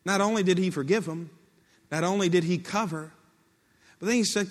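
A man's voice: high-pitched, normal speed, long pauses. Preaching man in a reverberant hall. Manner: storytelling, voices quotes, builds to impassioned peaks. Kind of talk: sermon.

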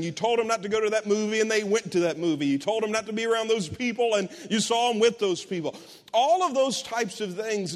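Middle-aged male pastor, high voice, earnest storyteller, echoing sanctuary sound. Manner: earnest, storytelling, with many restarts. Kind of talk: sermon. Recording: long hall reverb.

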